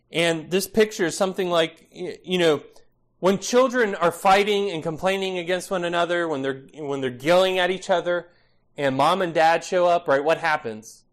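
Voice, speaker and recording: A man's voice: fairly high pitch, normal speed. A male pastor preaching an expository sermon, emphatic and repetitive, often adding "right?".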